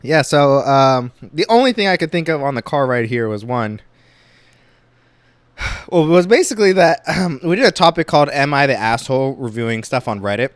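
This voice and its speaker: A young man hosting a solo podcast, chatting casually and reading online posts aloud with quick exclamations. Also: mid-range voice, expressive, no room sound. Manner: casual, rambling, exclaims reactions while reading. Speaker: podcast host.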